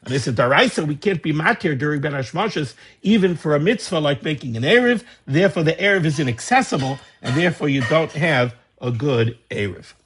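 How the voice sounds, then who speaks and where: A man teaching a lesson on religious law, reading passages aloud and explaining them in a lively way. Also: fairly high pitch, slightly rough. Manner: lively explaining, reading Hebrew texts and translating. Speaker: Torah teacher. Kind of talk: Talmudic study lecture.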